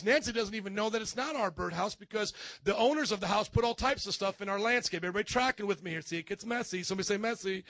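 A man preaching in a church, telling lively stories and acting out his neighbors, swinging from loud to quiet. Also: high-pitched, creaky, no echo. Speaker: pastor. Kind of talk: sermon.

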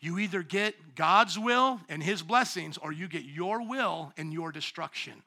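Emphatic high-voiced male preacher. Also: expressive, a little slow, vocal fry. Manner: emphatic, swings from hushed to loud preaching; call-and-response with congregation. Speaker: pastor. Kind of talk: sermon.

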